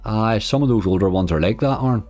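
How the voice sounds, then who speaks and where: A man's voice: on the low side, quick pace, a little mellow, soft background music. A man streaming slots, chatting casually and answering viewers' comments. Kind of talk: casual livestream chat.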